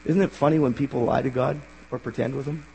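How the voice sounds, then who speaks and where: A male pastor preaching a sermon in an earnest way, rising to emphatic bursts and dropping quiet. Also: medium pitch, fairly even intonation, fast talker, vocal fry, slight background noise. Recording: long hall reverb.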